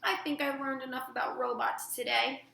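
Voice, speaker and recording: A woman voicing an eager young male gosling in a storybook reading, in a high, excited child-like voice. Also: normal speed, vocal fry, slight background noise, full character voice. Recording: roomy echo.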